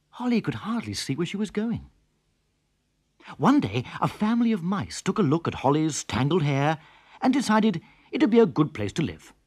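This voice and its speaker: A storyteller reading a children's story aloud in a dramatic, expressive way. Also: slightly rough, no room sound, clean studio sound. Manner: very expressive, dramatic swings in pitch. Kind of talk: scripted children's story narration.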